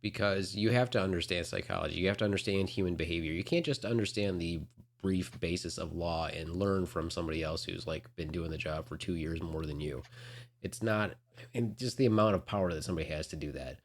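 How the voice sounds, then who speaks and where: Male podcast co-host, deep voice, blunt opinionated ranter. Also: brisk. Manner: blunt, ranting, swears freely. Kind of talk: casual opinionated chat.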